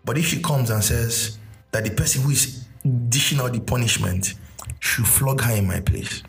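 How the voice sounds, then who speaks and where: A man's voice: mid-range voice, normal speed, vocal fry, soft background music. A man teaching a sermon, explaining with everyday stories and repeating key phrases. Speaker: preacher.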